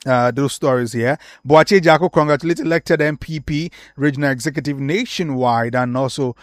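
A man with a Ghanaian accent reviewing the morning's newspaper headlines, reading briskly with short asides and fillers. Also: mid-range voice, no room sound, clean studio sound.

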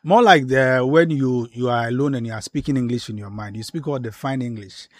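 A man's voice: mid-range voice, a little fast. Man hosting a casual discussion. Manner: asks questions, frequent backchannel hums. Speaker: host.

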